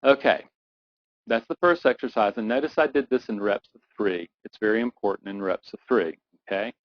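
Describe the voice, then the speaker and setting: A middle-aged man, a performance coach, leading a guided visualization exercise, talking slowly and soothingly, repeating phrases and building up to urgency. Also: on the low side, no echo. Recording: dull lo-fi dry recording.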